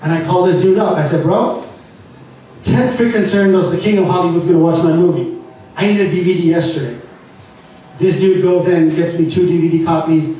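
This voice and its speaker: A man speaking at an entrepreneur meet-up, telling a lively story and acting out what people said. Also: on the high side, fairly quick, faint music behind. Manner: animated storyteller acting out dialogue. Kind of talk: animated storytelling talk. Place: event venue. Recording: echoey room from far off with faint ambience.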